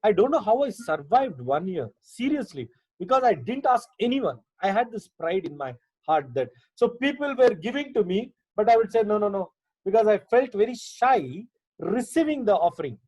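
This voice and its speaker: A man's voice: high voice, sing-song, moderate pace, darkish tone, no echo. A man with an Indian English accent, a pastor giving Bible teaching as a personal testimony over a video call, talking conversationally with many fillers and repeats. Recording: dull lo-fi video call audio.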